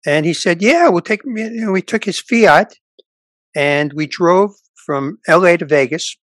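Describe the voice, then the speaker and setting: With a high voice and a slightly slow delivery, an older male comedian shares anecdotes during a casual interview. He's animated and imitates the voices of those he quotes, and the recording has no echo.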